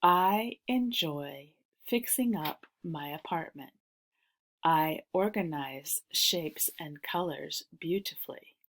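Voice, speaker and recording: A woman reads dictation sentences aloud slowly and carefully. Her voice sits slightly low, and she repeats each sentence for the listener. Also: fairly bright tone. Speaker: dictation reader.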